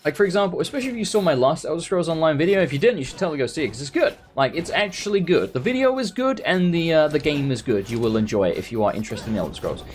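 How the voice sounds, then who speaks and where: Animated, sweary man narrating gameplay. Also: on the high side, very fast, few pauses, faint music behind. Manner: rambling, sweary, sarcastic ranting. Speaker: let's play host. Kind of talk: casual gameplay commentary.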